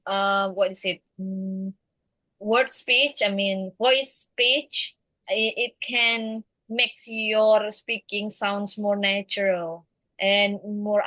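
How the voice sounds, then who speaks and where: A woman English teacher with an Indonesian accent, teaching a class hesitantly with many fillers and pauses. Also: mid-range voice, sharp tone, no room sound, low-quality recording.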